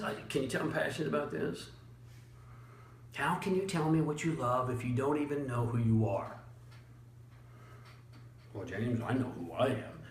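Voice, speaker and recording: A man giving a motivational talk as a leadership coach, blunt and emphatic, chuckling often and using dramatic pauses. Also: on the high side, a bit bright, echoey room. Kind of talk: motivational monologue.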